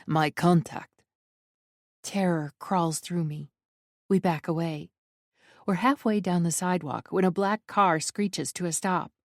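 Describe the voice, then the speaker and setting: A woman narrating a first-person romance audiobook in an even, measured reading. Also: on the low side, no room sound, clean studio sound.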